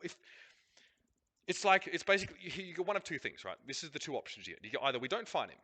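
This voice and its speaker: Brief: Australian man, blunt ranting host, lively and swinging in pitch. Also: fast talker, slightly rough. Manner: animated, blunt, swears freely, rants in long runs. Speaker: host reviewing a match broadcast. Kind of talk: casual commentary over a replay.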